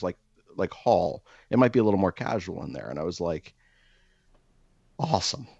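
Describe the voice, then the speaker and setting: A man with a low voice tells a rambling, self-deprecating comic story and keeps jumping into overdone voices for the people in it. The sound is dull and dry, with no room tone. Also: expressive, moderate pace, vocal fry, pauses often, a little mellow, husky, no room sound.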